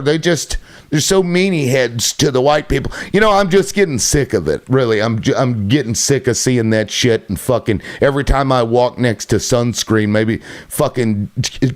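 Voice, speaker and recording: A man hosting a livestream, ranting with heavy swearing and sarcasm, irritated. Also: mid-range voice. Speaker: livestream host. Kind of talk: profane livestream rant.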